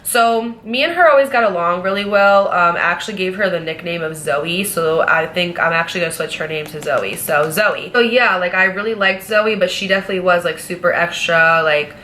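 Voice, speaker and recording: A young woman vlogger telling a casual storytime, chatty and animated, full of fillers. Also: on the low side, a little fast, few pauses, a little hiss or hum.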